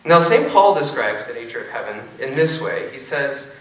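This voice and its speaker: A man with a bright, forceful voice gives a lecture-style debate talk, wry and full of joking asides. He is picked up from a distance in a big auditorium, and his words ring with heavy echo. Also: mid-range voice, big pitch swings, moderate pace. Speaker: philosophy professor. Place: large auditorium. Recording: echoey auditorium from far off.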